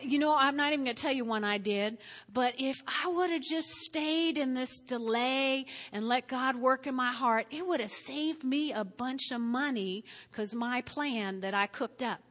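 A woman preaching a sermon to a congregation, lively, acting out the voices of biblical figures. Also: high voice. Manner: animated, acts out voices of biblical figures with laughs. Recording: long hall reverb.

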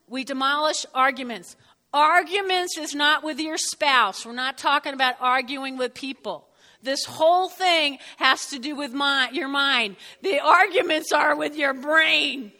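A woman pastor preaching a lively, joking, emphatic sermon in a church. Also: sits high. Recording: long hall reverb.

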